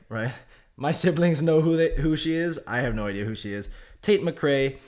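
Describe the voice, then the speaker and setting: A man hosting casual game commentary, rambling between stories and matches with plenty of swearing and self-mocking asides. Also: mid-range voice. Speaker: gaming channel host.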